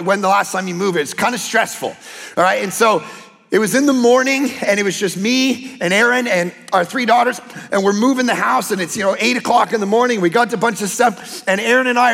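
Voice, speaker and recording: A man preaching a sermon as pastor, telling lively personal stories and acting out quotes. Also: high-pitched, gravelly, in a large hall. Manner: animated storytelling with acted-out quotes.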